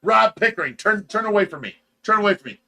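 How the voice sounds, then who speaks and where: A man hosting a casual livestream, telling a story with animated shouts and quick impressions, in a Midwestern American accent. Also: sits high, vocal fry. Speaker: show host telling a story.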